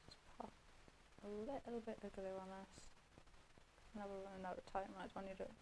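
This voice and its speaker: Woman, craft demonstrator, gravelly, easy chatty commentary while she works. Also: medium pitch, fairly even intonation, fairly quick, noisy background. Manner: chatty running commentary while working with her hands.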